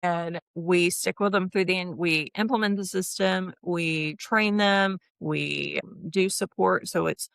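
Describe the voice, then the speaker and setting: A woman's voice: fairly low pitch, steady tone, measured pace, gravelly, hardly any pauses, a bit bright, smooth, dry recording, clean studio sound. A woman in her fifties, a guest in a casual interview, chatting about her HR consulting work and acting out quoted dialogue with laughs. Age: 50s.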